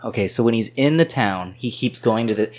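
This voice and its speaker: A man in casual chat, explaining things in a halting, searching way. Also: lowish voice, lively intonation, darkish tone. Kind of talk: casual chat about anime.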